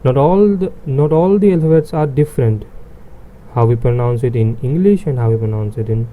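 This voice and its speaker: A man's voice: medium pitch, a little fast, narrow, tinny audio, slight background noise. A man teaching a beginner language lesson, repeating each sound several times with many fillers.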